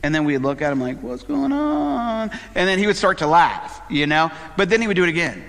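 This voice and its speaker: A man's voice: on the high side, lively intonation, fast talker, a bit bright, in a large hall. A middle-aged man, a pastor, preaching a conversational sermon full of fillers and personal asides. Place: church sanctuary.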